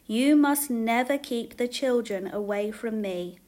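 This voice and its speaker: A woman voicing Jesus in a storybook reading, calm, firm and kind. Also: a little high, a little slow, lightly acted. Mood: teaching. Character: gentle, warm grown man, Jesus.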